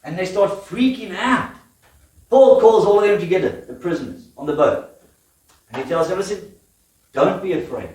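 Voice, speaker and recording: High-voiced man preaching in an echoey church. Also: moderate pace, distant mic. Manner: lively storytelling with laughs and questions to the congregation. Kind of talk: sermon. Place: church hall. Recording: echoey church hall from afar.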